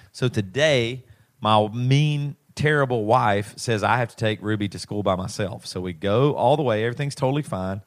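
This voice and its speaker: A man's voice: on the low side, dry recording, clean studio sound. A man in his thirties, a podcast co-host, telling a personal story in a rambling, emotional way with many restarts. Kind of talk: casual chat.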